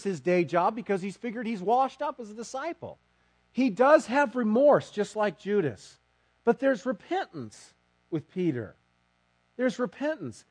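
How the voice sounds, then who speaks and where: A man's voice: high voice, breathy edge. A man preaching a sermon, telling a story dramatically and acting out the quotes himself.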